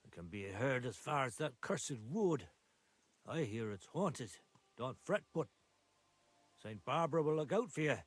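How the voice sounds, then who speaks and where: Husky geordie miner dude in a game, folksy and rambling, dry sound. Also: male voice, medium pitch, big pitch swings, unhurried, pauses often, no echo. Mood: chatty. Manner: rambling, folksy dialect talk. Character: chatty male miner, superstitious and friendly. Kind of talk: video game voice acting.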